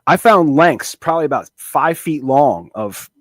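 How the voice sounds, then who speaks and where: A man talking on a podcast in loose, profane banter, his pitch swinging up and down as he works himself up over a story. The sound is close and dry, with no room around it. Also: measured pace, no room sound. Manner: animated, swears freely, rambling restarts. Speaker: podcast co-host.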